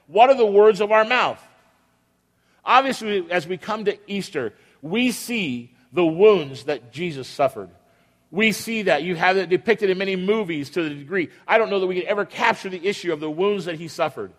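A man preaches from the pulpit in a high, carrying voice. He leans on repetition and dramatic pauses and slips into the voices of the people in his story. The sound trails off into the long reverb of a church sanctuary. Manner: acts out quoted voices of biblical figures. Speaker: pastor. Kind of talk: sermon.

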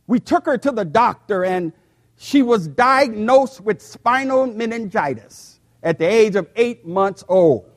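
An older man in his sixties preaching a sermon to a church, speaking slowly and deliberately and sometimes repeating words. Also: high-pitched, expressive. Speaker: pastor.

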